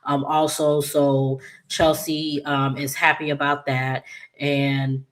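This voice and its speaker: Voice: mid-range voice, flat delivery, takes it slowly, a bit bright. A channel host casually recapping a soap opera episode, rambling with many "um"s and "she was just like," and quoting the characters as they go. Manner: retells scenes by quoting characters in their voices.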